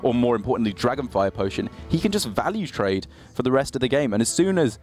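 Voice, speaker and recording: A man's voice: medium pitch, lively intonation, fast, a little mellow, faint music behind. A man giving analytical live commentary on a card game tournament, laughing easily between plays. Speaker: esports caster.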